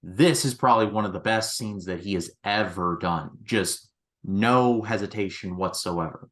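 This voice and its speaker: A man hosting a casual film review chat, animated and quick with asides. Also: fairly low pitch. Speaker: film review podcast host.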